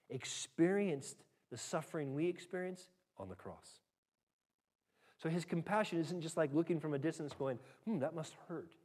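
A man preaching a sermon as pastor, rising loud and high when reading scripture and dropping soft and low when he applies it. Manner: dynamic preaching, pitch and volume rising sharply when reading scripture aloud.

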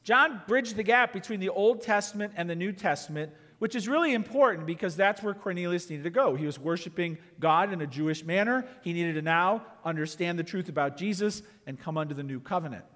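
Guy pastor preaching, pretty high voice, lots of punchy questions, big church echo. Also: brisk, few pauses. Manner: rhetorical questions, emphatic and lively. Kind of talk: sermon. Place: church sanctuary. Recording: long church reverb.

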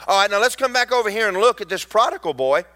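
A man preaching a lively, storytelling sermon with mocking asides to the congregation. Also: high-pitched, fast talker.

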